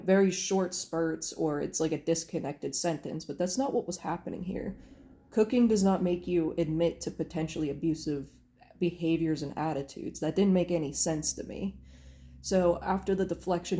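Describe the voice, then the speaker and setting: A woman's voice: on the low side, mellow. A young adult woman telling a personal story in a candid, earnest way, acting out the lines of others as she goes. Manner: candid, earnest, recounting with quoted dialogue. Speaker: vlogger.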